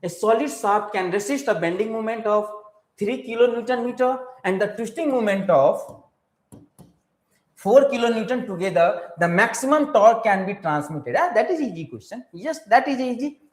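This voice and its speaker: A man's voice: high-pitched, expressive, normal speed. A man with an Indian English accent teaching a live online exam-prep class. He switches between English and Hindi, repeats his points and keeps quizzing his viewers. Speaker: engineering exam tutor. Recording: roomy echoey room.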